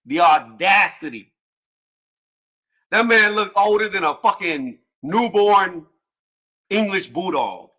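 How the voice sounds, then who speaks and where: Guy hosting a boxing stream, loud and jokey, swears a lot, higher bright voice. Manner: loud, joking, profane trash talk. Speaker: livestream panel host. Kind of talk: casual boxing talk while eating.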